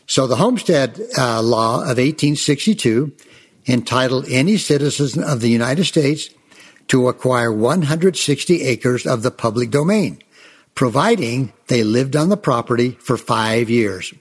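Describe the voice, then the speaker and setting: Husky folksy storyteller man. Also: mid-range voice, animated, measured pace. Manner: chatty, addresses listeners as folks, with fillers. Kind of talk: folksy storytelling of Old West tales.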